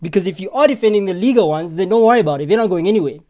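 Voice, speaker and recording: A man hosting reaction commentary, explaining and teasing in a relaxed, repetitive way. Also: sits high, very fast.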